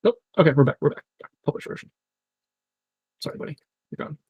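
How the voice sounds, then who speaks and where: A man casually commenting on a live stream as he works through software, muttering to himself in a wry, self-mocking way. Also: fairly high pitch, animated, fast, slightly rough, dry recording, muffled recording.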